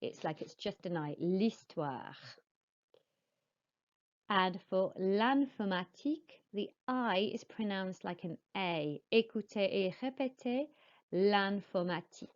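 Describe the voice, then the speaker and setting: A woman teaching French to young pupils, modelling each word slowly and clearly and explaining in patient, encouraging teacher talk. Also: medium pitch, expressive, dull audio. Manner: slow, clear modelling of words for pupils to repeat. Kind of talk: recorded classroom lesson.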